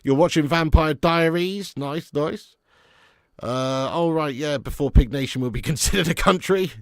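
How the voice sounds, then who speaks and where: A young man hosting a live football watch-along, chatting casually and answering viewer comments between bursts of excitement at the match. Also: fairly high pitch, normal speed, dry recording, studio quality.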